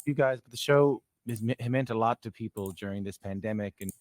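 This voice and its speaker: Quick low-voiced male interviewer. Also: a little mellow, no echo. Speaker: interviewer in a played clip. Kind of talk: interview question.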